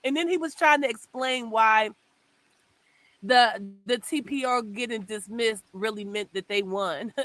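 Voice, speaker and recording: A woman's voice: fairly high pitch, measured pace, a bit bright, dry recording, soft background music, rough recording. A woman in casual chat, amused as she explains, laughing here and there.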